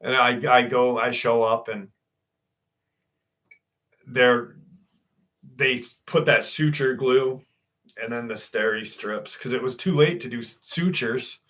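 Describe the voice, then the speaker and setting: Slow-talking bright-voiced man telling a story. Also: medium pitch. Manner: rambling storyteller, swears, laughs often. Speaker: host. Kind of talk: casual live-stream chat.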